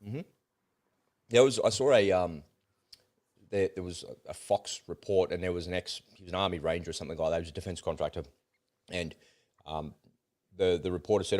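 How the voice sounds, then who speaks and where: A man's voice: sits low, brisk, long pauses, darkish tone. A man co-hosting a casual political chat, blunt and exasperated, swearing as he rants. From Australia. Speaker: co-host.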